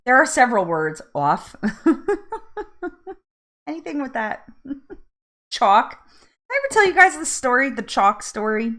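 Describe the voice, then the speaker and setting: Jersey woman chatting on her live stream, talks slow, voice bouncing up and down, laughs a lot. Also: sits high, very animated, pushed and bright. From New Jersey. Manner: chatty, laughs often, goes off on tangents. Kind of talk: casual live chat.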